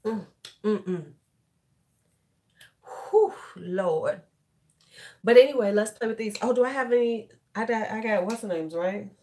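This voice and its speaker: A woman's voice: a little high, a little fast, darkish tone. A middle-aged woman hosting a casual beauty livestream, tipsy and chatty, swearing and laughing freely as she talks. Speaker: beauty YouTuber.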